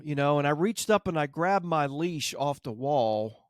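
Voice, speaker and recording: A man with a somewhat high voice tells a story in a relaxed podcast chat and acts out the lines of the people in it. The sound is dry and close, with no room echo. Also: normal speed. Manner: animated anecdote, acts out quotes. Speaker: dog trainer, podcast host.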